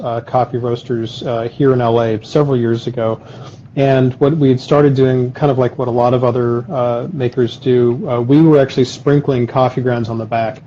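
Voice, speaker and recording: A man's voice: mid-range voice, warm tone, a little hiss or hum. A man who makes chocolate, chatting on a live video call and explaining his process in detail with many ums and uhs. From Los Angeles area. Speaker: guest chocolate maker. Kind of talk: casual live-stream conversation. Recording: dull lo-fi live-stream audio.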